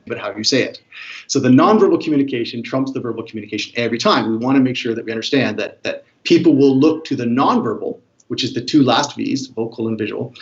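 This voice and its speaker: A man speaks quickly and eagerly as the expert guest, breaking down how words, voice and looks carry a message. He tries out different ways of saying a greeting to make his point. The sound is slightly dull and lo-fi. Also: medium pitch. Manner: fast, animated, demonstrates tones of voice. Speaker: body language expert guest. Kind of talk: explanatory interview talk.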